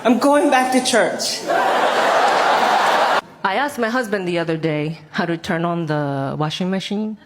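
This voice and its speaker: A young woman doing live stand-up comedy, animated and self-mocking, acting out the people she talks about. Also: on the low side, unhurried, long pauses. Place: comedy club stage. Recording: live club, loud crowd laughter and noise. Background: loud audience laughter.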